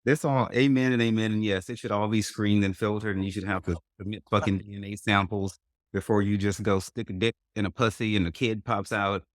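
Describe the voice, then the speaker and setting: Man, podcast host, low voice, blunt, crude, opinionated, dry recording. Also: flat delivery, fairly quick, no echo. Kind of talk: casual podcast chat.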